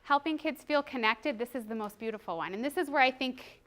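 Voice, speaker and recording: A woman giving a training presentation to a roomful of people, animated and acting out quotes from children and teachers. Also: high voice, a little fast.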